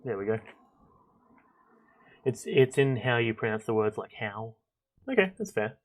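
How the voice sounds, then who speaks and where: A young man streaming a game, chatting casually and thinking out loud with lots of fillers and restarts. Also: medium pitch, lively intonation, measured pace. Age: young adult. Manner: rambling, chatty, thinks aloud with many fillers. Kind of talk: casual gameplay commentary.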